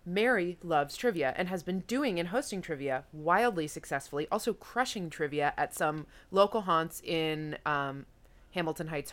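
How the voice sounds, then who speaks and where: A woman hosting a podcast, chatting casually and joking as she paints a scene. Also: sits low. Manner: joking, playful scene-setting. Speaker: podcast host. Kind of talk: casual chat.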